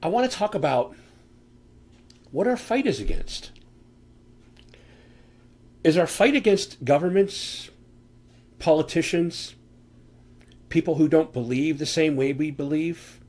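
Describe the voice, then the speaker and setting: A man's voice: on the high side, animated, slow pace, long pauses, darkish tone. A man giving an earnest, conversational Bible teaching from a room at home, asking rhetorical questions into a desk microphone. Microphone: desk microphone on camera.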